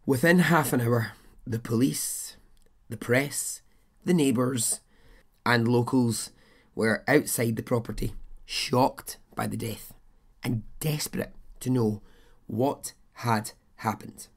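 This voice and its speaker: A man's voice: medium pitch, takes it slowly, slightly rough. A man hosting a podcast, telling a true-crime story in a chatty, blunt way, swearing and adding his own asides. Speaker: podcast host.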